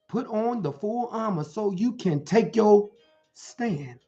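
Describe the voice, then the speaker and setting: A man's voice: high-pitched, expressive, slow, warm tone, muffled recording, faint music behind. A man preaching motivation to an online audience, speaking in rhythmic, rhyming phrases and often checking in with his listeners. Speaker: motivational preacher and life coach.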